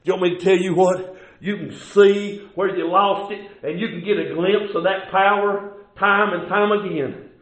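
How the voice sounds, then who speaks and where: A man preaching a sermon in a church, shouting and singing out his lines in a preaching cadence. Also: high-pitched, steady tone, normal speed. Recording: roomy distant church recording.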